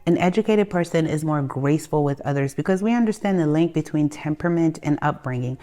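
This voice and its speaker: Low-voiced woman giving blunt advice. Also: fast talker. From Haitian family background. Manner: blunt, conversational, repeats and restarts, animated bursts. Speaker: self-help video host. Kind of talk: candid advice monologue. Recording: soft music behind the voice.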